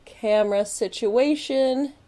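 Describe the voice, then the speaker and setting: A woman hosting a live crafting stream, chatting bubbly and warmly with viewers and greeting them by name. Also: fairly high pitch, slow pace. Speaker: craft channel host. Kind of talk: casual live-stream chat.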